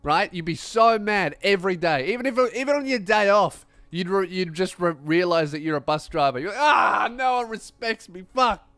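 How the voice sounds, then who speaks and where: A young man telling a comic story as a podcast host, animated and swearing, acting out other people's voices. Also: sits high, brisk, few pauses, dry recording.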